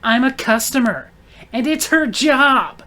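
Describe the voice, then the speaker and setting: A rude, entitled woman shopper, as a man puts her on in a raised, higher voice. She talks down to people in a haughty, dismissive way. It is a put-on voice inside a told story. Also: lively intonation, takes it slowly, sharp tone, full character voice. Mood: snippy.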